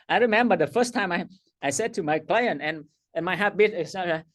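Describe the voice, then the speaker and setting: Slow, emphatic male coaching trainer. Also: high-pitched, lively intonation, a bit bright. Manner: emphatic, repeats key phrases, laughs at himself. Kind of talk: workshop teaching.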